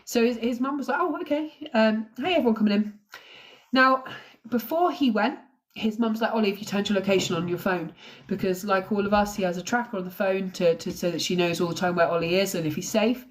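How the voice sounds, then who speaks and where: A woman's voice: mid-range voice, steady tone, a little fast. An English woman recounts a true crime case on a live stream, speaking emotionally and close to tears. Her delivery is informal and conversational, and she breaks off now and then to greet and thank her viewers. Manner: emotional, tearful, thanks viewers while telling the story.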